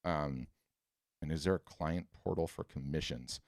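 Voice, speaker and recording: A man hosting a live webinar Q&A, who answers questions bluntly and tells animated, emphatic stories. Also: very deep voice, normal speed, dry recording, clean studio sound.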